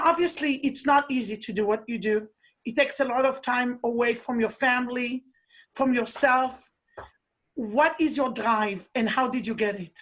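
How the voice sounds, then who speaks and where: High-voiced woman host, heartfelt. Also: fairly bright tone. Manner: heartfelt, rambling storytelling. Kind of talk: casual interview chat.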